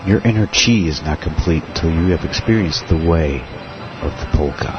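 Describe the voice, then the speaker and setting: A man doing a deep, serene polka mystic. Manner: slow, calm and solemn. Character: serene zen-spouting male polka mystic. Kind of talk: comedy radio-play acting. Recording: slightly muffled recording.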